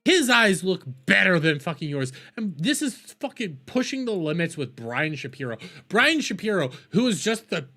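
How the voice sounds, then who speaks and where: A man's voice: high-pitched, very animated, moderate pace, hardly any pauses, pushed and bright. A man ranting profanely in a heated, mocking commentary as a streamer reacting to videos.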